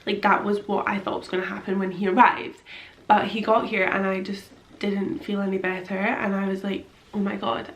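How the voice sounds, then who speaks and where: A woman's voice: medium pitch, reverberant, a little hiss or hum, rough recording. A young woman, tearfully telling a personal story to camera in a rambling way, full of fillers. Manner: rambling, many fillers, quotes her own thoughts. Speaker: vlogger.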